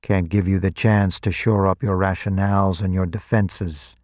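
A man voicing a cold, calculating male vampire commander, measured, clinical and quietly menacing, in a storybook reading. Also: low-pitched, little pitch movement, no echo, clean studio sound, lightly acted. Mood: lecturing.

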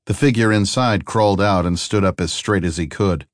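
Man narrating an audiobook, low steady voice, dry close mic. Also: moderate pace, no room sound. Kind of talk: scripted narration.

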